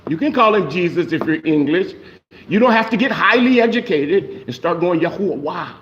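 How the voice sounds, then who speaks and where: A man's voice: sits high, lively intonation, moderate pace, a bit bright, highs cut off, slight background noise. A man preaching a sermon in a conversational way, checking in with the congregation with frequent "okay?". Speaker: pastor.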